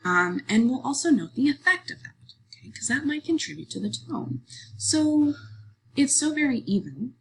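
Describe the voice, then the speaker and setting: A woman teacher walking students through a lesson, patient and explanatory, checking in often with "okay?" and pausing on fillers. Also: high voice, big pitch swings, fairly bright tone, breathy edge, low-quality recording. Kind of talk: screen-recorded lesson walkthrough.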